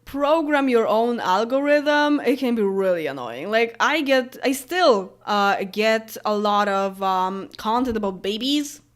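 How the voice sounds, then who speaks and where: A woman's voice: on the high side, animated, unhurried, hardly any pauses. Chatty Polish-accented woman in her late twenties. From Poland. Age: late 20s. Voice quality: chatty, rambling, frequent fillers and laughs. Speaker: YouTuber. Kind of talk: casual chat answering viewer comments.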